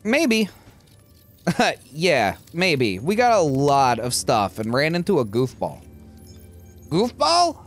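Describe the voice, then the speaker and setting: Excitable gameplay streamer, wide-swinging pitch. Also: slow pace, pauses often, soft background music. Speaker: gameplay channel host. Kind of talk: casual gameplay commentary.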